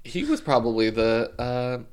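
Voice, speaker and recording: Podcast co-host man, loose and joking, pitch swinging widely. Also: sing-song, measured pace, darkish tone, clear, resonant tone. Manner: swearing, joking, loose and offhand. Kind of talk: casual chat, true crime storytelling.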